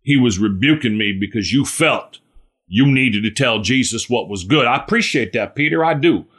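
A man's voice: medium pitch, expressive, moderate pace, fairly bright tone, husky. A man voicing the apostle John as a grown man dryly scolding a friend. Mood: reproachful. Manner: wry, reproachful.

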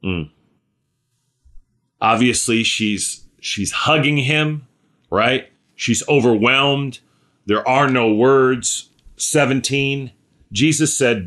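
A man's voice: on the low side, sharp tone. A man preaching a sermon in a conversational way, often checking in with "right?" and "okay?" and sometimes restarting his sentences. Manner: halting, with restarts and fillers. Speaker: pastor.

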